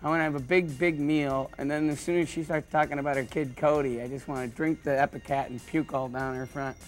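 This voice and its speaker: A man who is a stand-up comedian, rambling through deadpan jokes with lots of stammers and restarts. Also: fairly high pitch, brisk, faint music behind. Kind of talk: joking interview monologue.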